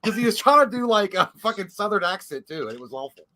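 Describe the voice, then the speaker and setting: Bright, stammering man co-host. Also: high-pitched, very animated, fast talker. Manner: stammering restarts, swearing, bursts into shouted impressions. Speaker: podcast co-host. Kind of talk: casual live-stream chat.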